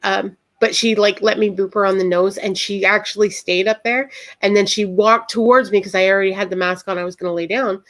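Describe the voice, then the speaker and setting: Rambling animated woman chatting. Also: brisk. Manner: rambling, animated, jumps high when excited. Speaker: guest. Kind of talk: casual chat.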